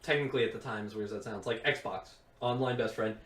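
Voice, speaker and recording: A young man co-hosting a podcast, telling a story in a rambling, profane, animated way. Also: on the low side, quick pace. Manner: rambling, profane, animated retelling with quoted voices. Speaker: podcast co-host. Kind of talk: casual storytelling chat. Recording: roomy, far from mic.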